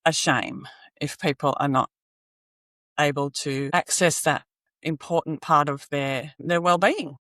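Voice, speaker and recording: A woman, a guest on a podcast, explaining earnestly with frequent "you know" fillers and soft laughs. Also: deep voice, a little slow, no echo. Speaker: singing advocate guest. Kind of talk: podcast interview.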